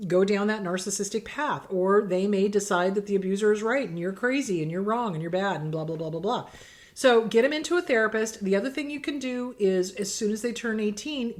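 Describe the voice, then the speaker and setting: A middle-aged woman therapist giving blunt, emphatic advice in casual talk, acting out quoted exchanges. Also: medium pitch. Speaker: therapist host answering viewer questions.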